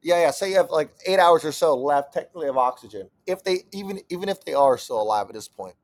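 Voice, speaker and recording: A man's voice: on the high side, expressive, fast talker. A young man co-hosting a podcast, chatting casually and breaking into profane, exasperated rants. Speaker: podcast co-host. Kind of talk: casual chat.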